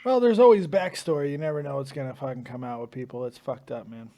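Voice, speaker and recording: A man's voice: medium pitch, quick pace, warm tone, lo-fi sound. A man hosting a live stream, groaning and swearing while his mouth burns from a hot pepper.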